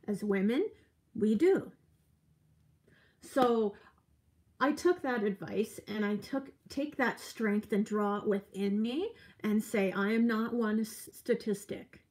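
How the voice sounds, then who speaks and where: Chatty woman in her forties vlogging. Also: fairly high pitch. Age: 40s. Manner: chatty, earnest, reads out viewer comments. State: a little tired. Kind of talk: casual live-stream chat.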